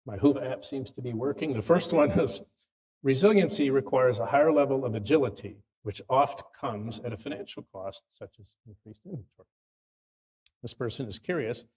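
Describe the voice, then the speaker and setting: A man's voice: mid-range voice, a little mellow. Guy moderating a panel, chill and jokey, big echoey hall sound. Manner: easygoing, lightly joking. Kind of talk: moderating a live conference panel. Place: conference hall with a live audience. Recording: long hall reverb.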